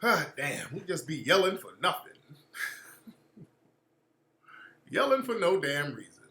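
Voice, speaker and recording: A man's voice: on the high side, sing-song, measured pace, bright, forceful tone, roomy sound. A man hosting a casual talk radio show, ranting loosely and mockingly with frequent profanity.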